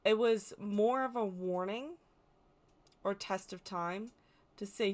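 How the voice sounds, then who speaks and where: A woman's voice: mid-range voice, takes it slowly, long pauses, a little mellow. An American woman explaining folklore in a casual, chatty way, correcting herself as she goes and adding playful asides. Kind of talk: casual educational talk.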